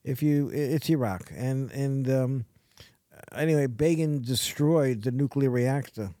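Man, casual podcast talk, rambling and halting, mellow tone, dry close sound. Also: mid-range voice, fairly even intonation, no room sound. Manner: rambling, halting, many restarts.

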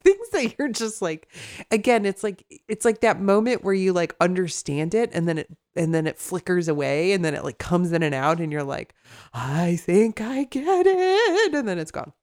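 A woman's voice: lowish voice, a little fast, darkish tone. A woman with a Chicago accent co-hosting a podcast in casual chat, rambling with many fillers and restarts. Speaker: podcast co-host.

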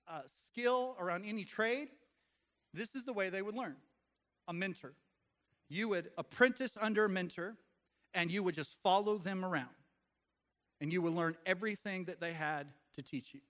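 A man preaching a sermon to his congregation, conversational and joking, dropping quiet for emphasis. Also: sits high. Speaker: pastor. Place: church in front of a congregation.

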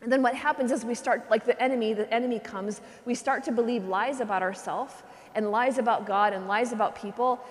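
A religious sister giving a conversational retreat talk, often checking in with "okay?" and dropping to a soft hush when she voices prayers. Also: on the high side, fairly even intonation, a little fast, hardly any pauses. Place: large cathedral. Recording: long cathedral reverb.

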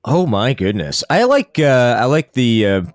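A man's voice: mid-range voice, big pitch swings, a little slow, dry recording, studio quality. A man hosting a podcast, chatting in an easygoing, thoughtful way. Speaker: podcast host. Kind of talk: casual podcast chat.

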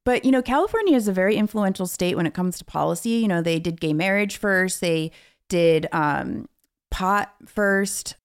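A woman's voice: fairly low pitch, lively intonation, normal speed, clean tone. A woman co-hosting a podcast in casual chat, frank and opinionated. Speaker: podcast co-host.

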